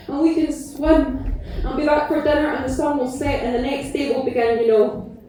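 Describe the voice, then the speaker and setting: A woman with a bright, high voice performs spoken word poetry live, landing each phrase with rhythmic emphasis. She is heard from far back in a big, echoing concert venue, with music behind her. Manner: rhythmic, emphatic poetic delivery.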